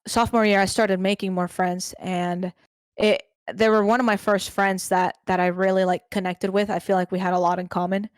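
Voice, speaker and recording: A woman's voice: medium pitch, little pitch movement, no echo, studio quality. Hesitant young woman guest. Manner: hesitant, halting, with fillers and soft laughs. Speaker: streamer guest. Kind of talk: casual interview answers.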